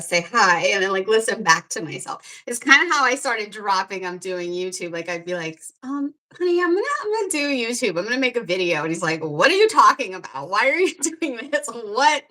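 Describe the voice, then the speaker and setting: A woman's voice: medium pitch, sharp tone. A woman guest on a livestream, chatting casually in a rambling way and laughing often. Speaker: guest, beauty creator. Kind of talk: casual live chat.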